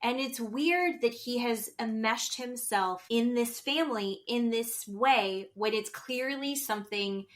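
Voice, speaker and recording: A woman co-hosting a podcast, chatting casually and acting out quotes in an animated way. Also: fairly high pitch, measured pace, few pauses. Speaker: podcast co-host. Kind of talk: casual chat about a reality show.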